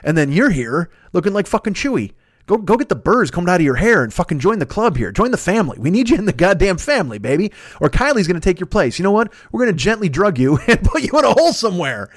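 A man's voice: high voice, sing-song, fast, no echo, studio quality. A man riffing in a rambling, profane comedic monologue as a podcast host, laughing often and correcting himself.

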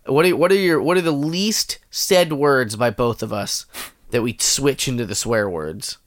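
A man co-hosting a podcast, bantering casually and joking with quick asides. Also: medium pitch. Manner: lively, jokey, quick asides. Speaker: podcast co-host.

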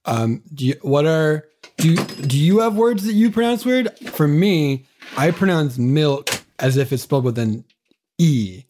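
A man's voice: fairly high pitch, measured pace, slight background noise. Jokey man co-hosting a podcast. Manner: jokey, deadpan self-mocking. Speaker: podcast co-host. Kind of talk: casual podcast chat.

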